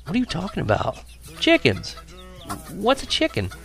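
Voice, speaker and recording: A man reading the lines of a blunt, teasing boy, quieter and a bit higher than his narration. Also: wildly swooping pitch, normal speed, creaky, heavily acted.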